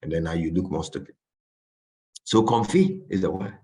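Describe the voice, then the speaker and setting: A man with a West African English accent, answering questions in a session and telling anecdotes in an animated, playful way. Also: deep voice, moderate pace. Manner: animated, acts out little scenes. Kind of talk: informal talk with anecdotes.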